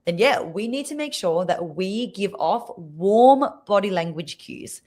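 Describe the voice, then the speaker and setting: Expressive woman speaking coach. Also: medium pitch, measured pace. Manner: expressive, demonstrates voices while teaching. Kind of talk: podcast interview explaining. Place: video call.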